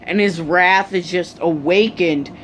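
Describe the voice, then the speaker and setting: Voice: mid-range voice, measured pace, a bit bright, a little hiss or hum. A speaker casually retelling a fan story, rambling with many fillers.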